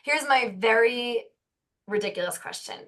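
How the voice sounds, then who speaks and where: A woman's voice: on the high side, animated, moderate pace, sharp tone. An American woman co-hosting a podcast, rambling and gushing, often correcting herself mid-sentence. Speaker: podcast co-host. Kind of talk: casual interview chat.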